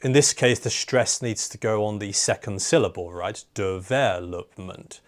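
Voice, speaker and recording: Male host, lowish voice, chatty casual interviewer. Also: moderate pace. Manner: chatty, lots of "like" and "you know" fillers. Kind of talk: conversational interview.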